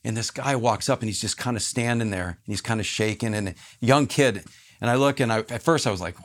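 A man, a podcast guest, telling a personal story in an animated, earnest way and acting out other people's lines. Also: fairly low pitch, brisk. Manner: earnest, reflective.

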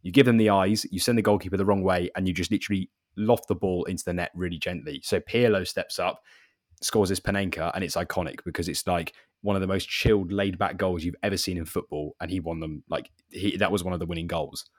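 A man's voice: low voice, steady tone, fast, no room sound, clean studio sound. A young man, co-hosting a casual sports podcast and explaining football at length with many restarts. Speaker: podcast co-host.

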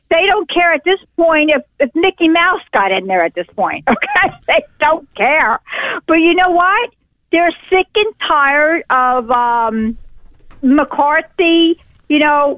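A woman's voice: high voice, dry recording. A woman phoning in to a talk radio show, ranting about politics in a rambling, exasperated way, heard over a tinny phone line. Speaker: caller.

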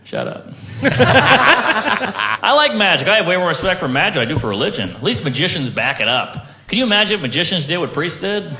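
A man delivers a wry stand-up routine and acts out both sides of each exchange. His voice is fairly high and bright, and it rises and falls freely. The clip sounds roomy and echoey. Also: sing-song, brisk. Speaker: stand-up comedian.

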